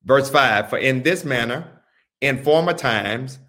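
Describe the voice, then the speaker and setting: A male pastor leads a Bible study at an unhurried pace. His pitch sits in an ordinary middle range. He talks deliberately, repeats key phrases and gives careful instructions. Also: animated, sharp tone.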